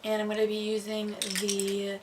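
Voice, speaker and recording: A woman's voice: medium pitch, completely flat delivery, normal speed. Chatty young woman giving a makeup tutorial. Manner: chatty, casual, filler-heavy with "um" and "like". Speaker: makeup artist. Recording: slightly distant mic with faint noise.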